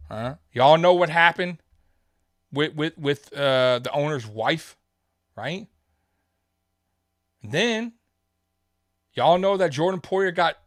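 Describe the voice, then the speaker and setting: A man hosting a live sports fan show, rambling and heated as he talks straight to his viewers. His voice sits a little high for a man, and the sound is dry and close with no room echo. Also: a bit bright.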